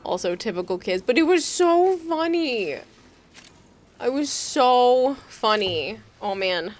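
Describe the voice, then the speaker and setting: A woman streaming a game, chatting casually and telling animated stories with lots of laughter. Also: fairly high pitch, takes it slowly. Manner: giggly, animated storyteller. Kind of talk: casual chat while gaming.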